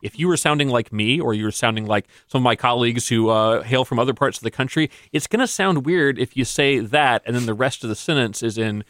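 A man's voice: mid-range voice, a little fast, few pauses, fairly bright tone, no echo, studio quality. A man journalist on a radio news panel, thoughtful, with stammering restarts.

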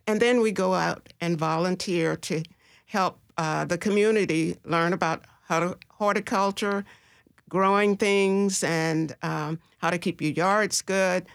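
A woman guest explaining gardening in a radio studio interview, speaking slowly and haltingly with many filler pauses. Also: fairly low pitch, steady tone, creaky, clean tone, dry recording.

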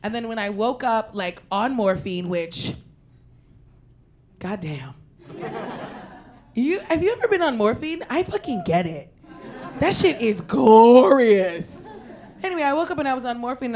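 A young woman from Queens telling a personal story in an animated, profane way, breaking into loud shouted quotes. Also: a little high, normal speed. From Queens, New York.

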